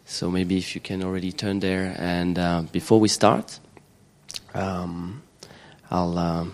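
A man with a French accent speaks to a church congregation in a somewhat low voice. He is earnest and hesitant, full of "um"s and restarts. When he reads scripture his delivery grows slower and more emphatic. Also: little pitch movement. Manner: hesitant, many fillers, earnest. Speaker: church speaker leading a service. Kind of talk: sermon with prayer and scripture reading.

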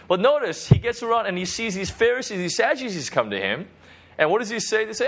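A pastor with a high, bright voice talks briskly and very animatedly in an informal devotional teaching. He keeps it conversational, checking in often with "you know" and "right?".

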